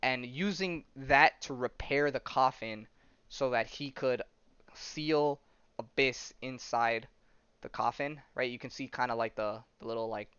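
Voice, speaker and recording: A man's voice: medium pitch, unhurried, fairly bright tone, clear, resonant tone, dry recording. Rambling man recapping a comic, dull dry sound. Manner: rambling, acts out the characters' lines with many fillers. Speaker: podcast host. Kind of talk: casual recap of a comic story.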